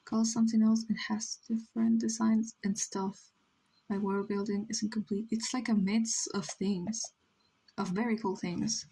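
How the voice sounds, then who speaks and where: Mellow-voiced young woman chatting on stream. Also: mid-range voice, level tone, a little slow, husky, rough recording. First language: Spanish. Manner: rambling, reads chat aloud, many "like" fillers. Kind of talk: casual livestream chat while drawing.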